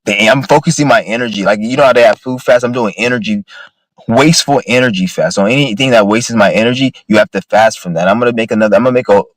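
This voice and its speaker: A man's voice: on the low side, fast talker, no room sound, low-quality recording. A man ranting angrily to his phone camera about a store clerk, swearing constantly and repeating himself. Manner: profane, ranting, repetitive. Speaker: vlogger. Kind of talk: angry rant to camera.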